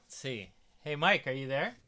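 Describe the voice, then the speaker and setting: A man hosting a casual podcast chat from a studio, relaxed and easygoing as he steers the talk. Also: mid-range voice, moderate pace. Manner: relaxed, easygoing, leading the conversation. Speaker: host. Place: recording studio.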